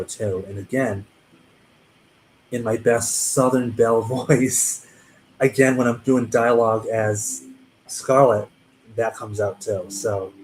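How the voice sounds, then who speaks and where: An author chats about the characters in his book from a home livestream setup, interrupting himself and restarting sentences. His voice sits on the low side with a darkish tone, and the low-quality recording has slight background noise.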